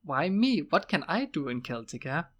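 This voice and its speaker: An eager, impatient young apprentice boy, put on by a man reading an audiobook. The voice leaps up high and loud in bursts of exasperation, quick to blurt out questions. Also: big pitch swings. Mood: incredulous.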